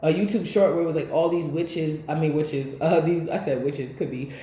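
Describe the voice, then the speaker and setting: A woman's voice: sits low, steady tone, normal speed, warm tone. A woman giving a casual tarot reading, speaking bluntly with plenty of swearing, straight to her viewers. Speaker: tarot reader. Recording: echoey room.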